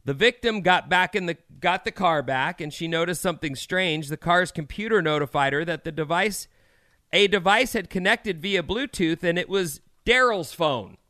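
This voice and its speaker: A man's voice: high-pitched, moderate pace, pushed and bright, no echo, studio quality. A man in his thirties co-hosting a morning radio show, reading odd news stories with wry asides.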